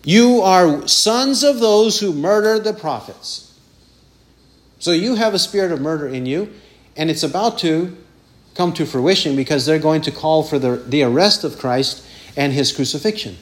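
A man's voice: fairly high pitch, normal speed. A man preaching a sermon with emphasis, repeating phrases and mimicking taunting voices.

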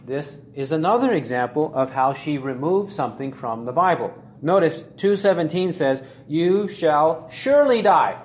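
A man preaching an expository sermon, deliberate and emphatic, repeating key phrases for stress. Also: on the high side, darkish tone. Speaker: pastor. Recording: echoey room with faint ambient noise.

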